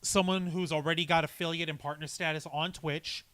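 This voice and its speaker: A man's voice: on the high side, fairly even intonation, brisk, a bit bright, dry recording. A man co-hosting a live geek-news chat, rambling and emphatic, swearing freely. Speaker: podcast co-host. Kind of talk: casual live-stream chat.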